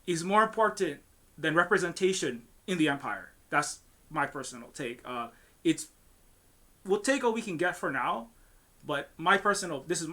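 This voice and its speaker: This man's voice is fairly high and sharp in tone. He's a game studio founder from Hawaii on a panel, ranting heatedly, swearing and restarting his sentences often in an impassioned discussion.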